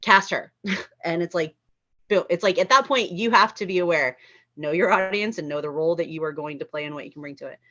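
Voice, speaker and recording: A woman's voice: on the low side, brisk, a bit bright. A woman from Los Angeles hosting a casual online chat, telling stories with frequent laughs over a video call. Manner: chatty storyteller, laughs often. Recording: dull lo-fi call audio.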